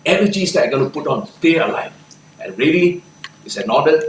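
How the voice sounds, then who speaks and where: An older man with a Singaporean English accent giving a lively motivational talk, punchy and animated, often laughing. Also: fairly high pitch, brisk, a little hiss or hum. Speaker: motivational speaker. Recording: echoey room, far from mic.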